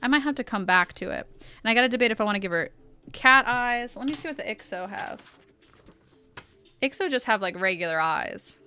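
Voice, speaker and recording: Bright-voiced woman chatting while she draws. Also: a little high, lively intonation, fairly quick, clear, resonant tone, faint music behind. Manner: thinks aloud and answers chat. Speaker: artist streaming a drawing session. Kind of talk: casual chat while drawing.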